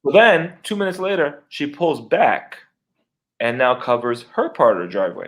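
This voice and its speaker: A middle-aged podcast co-host spins a long story about a neighbor, his talk casual, profane and animated as he acts out his own reactions. His pitch sits in the middle and he moves at a moderate pace.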